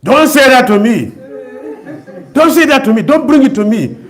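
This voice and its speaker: A man voicing an indignant wife who scolds her thief husband loudly. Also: lively intonation, moderate pace. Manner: loud, shrill, scolding.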